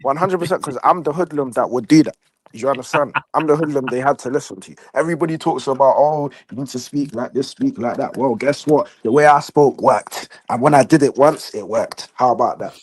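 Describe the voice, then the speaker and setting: A young man, talking excitedly and casually as a football fan, full of slang and repeating "bro" and "you understand". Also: mid-range voice, brisk, husky, no room sound. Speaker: guest fan.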